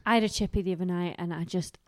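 A woman's voice: lowish voice, fairly even intonation, racing, no echo, studio quality. A woman with a Yorkshire accent co-hosting a podcast, chatting casually in a bubbly way and laughing often. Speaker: podcast co-host. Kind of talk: casual chat.

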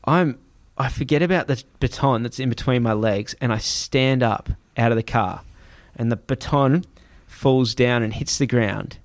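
A man's voice: medium pitch, unhurried, hardly any pauses, no echo. Aussie guy telling a wild travel story, swears a lot, does the voices, dry close sound. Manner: animated, swearing, acts out voices. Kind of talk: casual storytelling.

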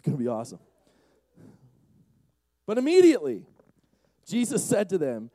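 A young man preaching a lively youth sermon, shouting and acting out the characters of the story. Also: mid-range voice, moderate pace, pauses often, no echo. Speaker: youth pastor.

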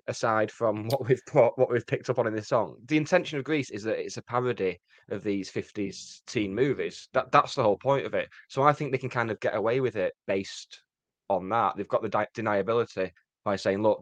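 A man's voice: fairly low pitch, fairly quick, no echo. A man co-hosting a podcast, making dry, wry remarks in casual chat. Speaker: podcast co-host.

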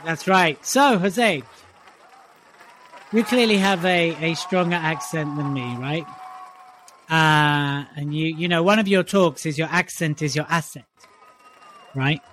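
A man's voice: a little high, slow pace, pauses often, a bit bright, some chatter behind, a little hiss or hum. English-accented man teasing his co-host. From United Kingdom. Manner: teasing, jokey. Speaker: podcast co-host. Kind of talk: casual podcast chat.

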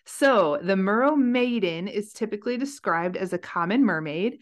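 A woman's voice: mid-range voice, lively intonation, moderate pace. Young woman co-host, easygoing chatty delivery with frequent laughter. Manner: giggly, chatty, laughs often. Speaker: podcast co-host. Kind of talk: casual chat.

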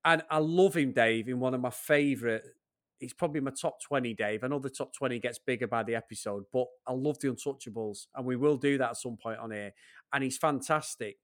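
A man's voice: mid-range voice, brisk. A man co-hosting a film podcast, giving blunt, joking opinions and swearing now and then. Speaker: podcast co-host. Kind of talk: casual film chat.

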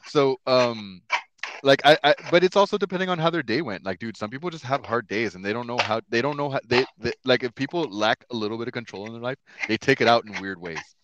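A man's voice: medium pitch, quick pace, muffled recording, background noise. A man in his thirties hosting a podcast, chatting casually in a rambling, profane way with lots of fillers. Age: 30s. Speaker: podcast host.

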